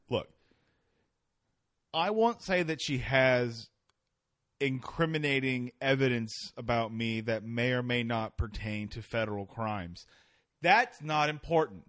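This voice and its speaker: A man's voice: medium pitch, fairly bright tone, dry recording, clean studio sound. A man hosting a podcast in casual comedic chat, joking, swearing and rambling. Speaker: podcast host.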